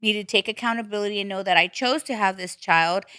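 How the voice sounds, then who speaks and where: A woman's voice: medium pitch, fast, smooth, dry recording, studio quality. A woman podcast host in casual chat, telling stories bluntly with plenty of swearing. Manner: blunt, profane, animated storytelling.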